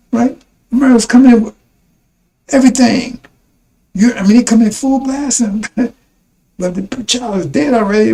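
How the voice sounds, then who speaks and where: A man with a high-pitched but dark, mellow voice delivers a rambling broadcast sermon. He talks emphatically, stumbling over and repeating words as he presses his point to his listeners. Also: rough recording. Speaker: preacher.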